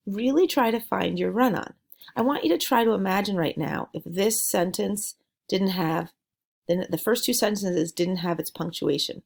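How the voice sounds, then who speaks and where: Slow-talking teacher woman, gravelly voice. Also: medium pitch, a little mellow. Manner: slow, deliberate, encouraging teacher delivery. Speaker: writing teacher. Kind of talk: recorded classroom lesson.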